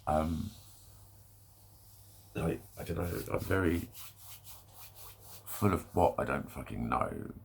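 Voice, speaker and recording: A man's voice: very deep voice, expressive, takes it slowly, creaky, long pauses, slight background noise. A man in a rambling solo vlog rant, swearing often and breaking off mid-sentence. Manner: rambling, swearing, self-interrupting. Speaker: vlogger. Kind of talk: candid solo rant to camera.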